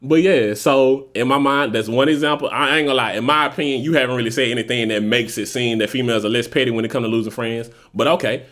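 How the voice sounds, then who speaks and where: A man's voice: mid-range voice, fast, hardly any pauses, a bit bright. A young man co-hosting a podcast, talking loosely in profane slang and acting out quoted voices. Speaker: podcast co-host. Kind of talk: casual podcast chat.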